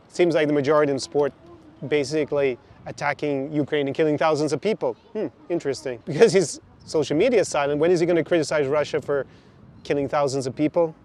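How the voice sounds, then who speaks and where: Guy reacting to a clip, kinda high voice, sarcastic and critical. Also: a little fast, a little mellow. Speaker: YouTuber reacting to a video. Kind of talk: reaction commentary.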